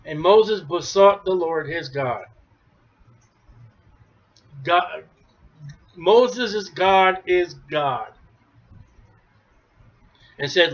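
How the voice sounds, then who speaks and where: A man preaching a sermon, emphatic, rising to near shouts then dropping low. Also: extremely slow, pauses often. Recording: dull lo-fi recording.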